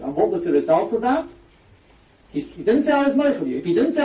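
This rabbi's Torah lecture comes in a high-pitched, very animated voice with a dark tone and a brisk pace. He explains by firing off emphatic rhetorical questions, and the recording sounds echoey, distant and dull.

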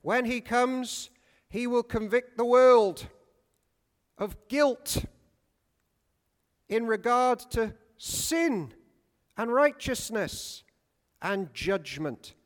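A man preaching a sermon, lively and humorous, often putting questions to his congregation. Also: very high voice, very slow, long pauses, long reverb tail. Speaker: pastor. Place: church.

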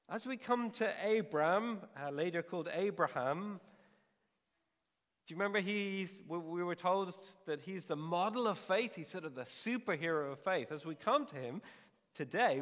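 A man preaches in a relaxed, conversational way, restarting phrases as he works through the passage. His voice sits a little high for a man, and the long reverb of a church hall trails behind each phrase. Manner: conversational preaching with restarts, drops soft to pray. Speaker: pastor. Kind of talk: sermon.

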